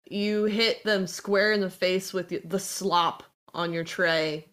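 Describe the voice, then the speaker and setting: A woman's voice: fairly low pitch, fairly even intonation, slow, fairly bright tone. A woman narrating a tabletop game as game master, playful and given to laughing.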